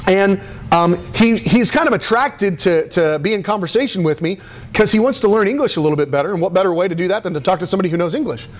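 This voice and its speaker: Animated high-voiced male pastor. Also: quick pace, slight background noise. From United States. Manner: animated, excitable, many fillers and restarts. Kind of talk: sermon storytelling.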